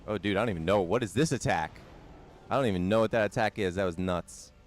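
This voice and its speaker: Deep-voiced man chatting on a game stream. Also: fast talker, soft background music. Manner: chatty, repeats himself, answers viewer chat. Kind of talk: casual live-stream chat while gaming.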